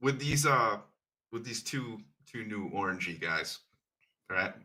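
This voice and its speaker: A man with a very bright, forceful voice lays out a fan theory in casual podcast chat. His pitch sits a little low and he keeps checking his points with questions. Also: lively intonation, slow pace. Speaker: podcast co-host.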